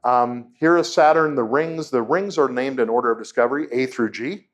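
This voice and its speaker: A man's voice: medium pitch, normal speed, highs cut off. A man, a propulsion engineer, giving a humorous public lecture to an audience in a lecture room, telling anecdotes and quizzing the crowd. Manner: storytelling, self-deprecating jokes, quizzes the audience.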